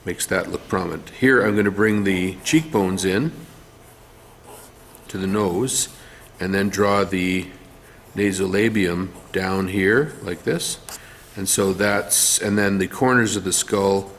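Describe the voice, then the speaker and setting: A man's voice: low-pitched, fairly even intonation, slow, slight background noise. A man teaching art, talking through a face drawing one step at a time while he draws, with some fillers. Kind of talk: drawing tutorial demonstration.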